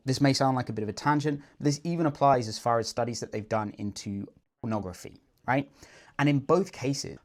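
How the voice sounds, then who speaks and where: A man's voice: mid-range voice, darkish tone. A man working as a dating coach, talking through his advice in an earnest, explanatory, conversational way. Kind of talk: coaching breakdown voice-over.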